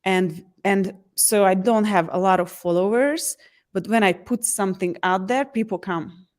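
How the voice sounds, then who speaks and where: A woman's voice: mid-range voice, normal speed. A woman, an empowerment coach answering interview questions in an earnest way, often restarting her sentences. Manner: earnest, frequent restarts, lively acted quotes.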